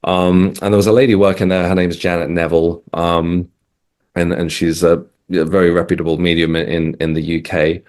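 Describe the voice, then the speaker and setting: Very low-voiced man telling a story. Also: flat delivery, moderate pace, darkish tone. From England. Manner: hesitant, restarts, many ums. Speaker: guest. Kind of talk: casual interview storytelling.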